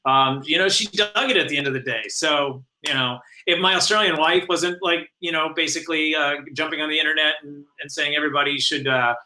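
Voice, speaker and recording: Guest, male: halting storyteller, lots of ums and uhs, very bright sharp tone. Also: fairly high pitch, fairly even intonation, rough recording. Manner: hesitant, many fillers and restarts, laughs often. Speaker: guest, animated series showrunner. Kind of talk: casual podcast interview.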